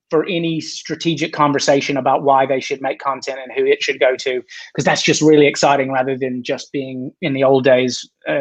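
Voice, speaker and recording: Male guest, 40s, mid-pitched, chatty and self-deprecating, dull lo-fi call audio. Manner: self-deprecating, rambling with restarts. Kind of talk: casual video-call chat. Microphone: video call.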